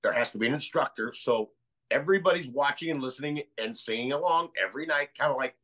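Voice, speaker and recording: An American man appearing as a guest researcher on a podcast talks fast in a mid-range, fairly bright voice. He speaks casually, rambling through ideas and restarting often, and the recording is rough.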